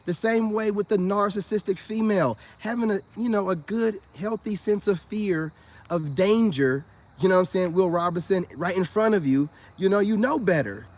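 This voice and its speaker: High-pitched and darkish in tone, an American man who vlogs about spiritual self-help offers his viewers loose, rambling commentary at a moderate pace. He laughs frequently and leans on slang.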